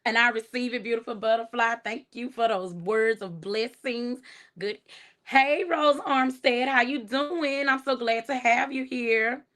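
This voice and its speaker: A middle-aged woman with a Texas accent, chatting casually on her livestream, relaxed and soft-spoken, laughing as she reads viewer comments aloud. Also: on the high side, unhurried. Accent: Texan. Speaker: livestream host.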